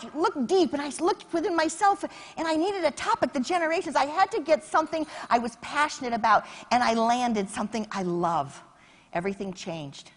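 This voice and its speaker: A middle-aged woman giving a lively storytelling keynote on a conference stage, acting out phone calls and shouting her punchlines. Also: high-pitched. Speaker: keynote speaker.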